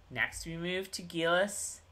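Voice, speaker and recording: A woman co-host talks through a recap in a loose, chatty way, full of fillers and side comments. Her voice is bright and forceful, and her pitch swings widely as she talks. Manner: chatty, lots of fillers and asides. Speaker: podcast co-host. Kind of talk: casual recap chat.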